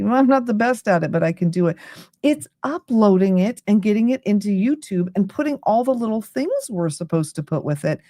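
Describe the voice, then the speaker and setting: A woman's voice: medium pitch, warm tone, no echo, studio quality. A middle-aged woman from the United States, tired and yawning, chatting casually and rambling as she hosts a late-night livestream. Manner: chatty, rambling, easily sidetracked. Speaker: livestream host.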